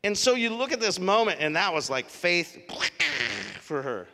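A man preaches to his congregation in a relaxed, storytelling manner, his fairly high voice bright and forceful. The sound rings with the long reverb of a large hall. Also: normal speed. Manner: conversational storytelling, animated. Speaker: pastor. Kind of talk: sermon. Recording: live sermon in a reverberant hall.

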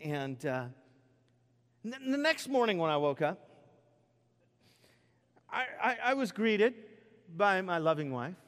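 A man in his thirties preaching a sermon, telling a self-deprecating personal story with animated delivery and sudden loud outbursts, in a church. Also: sits high, slow pace, pauses often. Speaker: pastor. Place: church sanctuary. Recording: long reverb of a large hall.

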